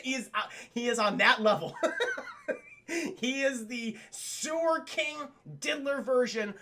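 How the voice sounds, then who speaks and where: A man casually recapping a cartoon episode for his live chat, animated, profane and laughing often. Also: very high-pitched, unhurried, background noise.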